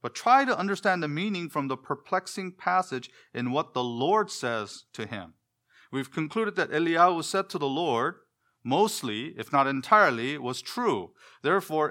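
Very animated and a little high-pitched, a man preaches an expository sermon at normal speed. He questions his listeners and responds himself, frequently trailing off more quietly as phrases close.

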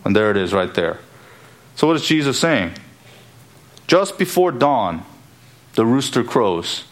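A man preaching a sermon, deliberate and emphatic, often repeating key phrases for weight. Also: mid-range voice, sing-song.

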